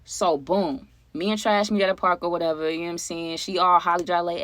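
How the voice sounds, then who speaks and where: A woman's voice: lowish voice, fast talker, few pauses, slight background noise. Chatty woman telling a storytime. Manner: animated, conversational, asks viewers for opinions. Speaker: storytime vlogger. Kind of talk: casual storytime chat to viewers.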